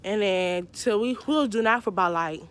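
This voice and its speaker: A woman's voice: medium pitch, brisk. A young woman tells a casual storytime, animatedly acting out both sides of the dialogue. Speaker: vlogger telling a personal story.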